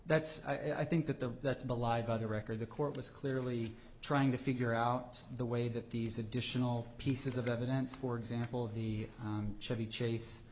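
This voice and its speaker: A man, a government attorney, answering judges in a courtroom oral argument, often pausing with fillers and restarting his sentences. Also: mid-range voice, fairly even intonation, a little mellow, a little hiss or hum. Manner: hesitant, many fillers and restarts.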